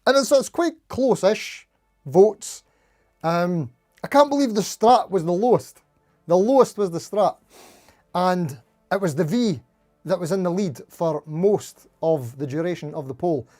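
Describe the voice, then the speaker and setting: A man's voice: high-pitched, animated, measured pace, dark tone, soft background music. A man hosting a casual live stream, chatting and greeting viewers one by one. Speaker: livestream host.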